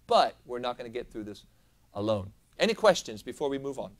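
A man's voice: very animated, fast talker. Dynamic male pastor preaching a sermon. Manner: dynamic preacher, swinging from soft lows to loud emphatic peaks. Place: church sanctuary.

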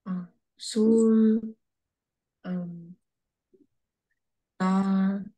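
Hesitant soft-spoken woman student. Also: mid-range voice, steady tone. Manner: hesitant, quiet, many pauses. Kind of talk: reading aloud in a lesson.

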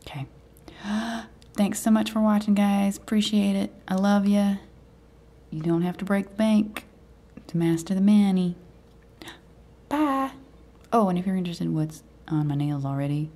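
A woman hosting a nail art video, chatting casually and half-whispering to herself as she works, easily excited. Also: medium pitch, moderate pace. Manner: mutters and half-whispers to herself while working; excitable, eager. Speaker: nail art channel host. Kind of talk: casual tutorial commentary.

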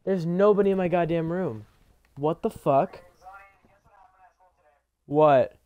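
A young man giving live commentary on a game from his own room. He swears constantly and bursts into startled yelling. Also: a little high, takes it slowly, phone-quality sound. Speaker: gameplay commentator.

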